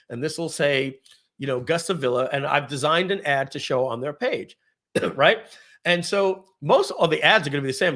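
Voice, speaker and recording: A man hosting a live software webinar, giving an energetic, salesy screen-share demo and clearing his throat often. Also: a little high. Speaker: webinar host, software founder.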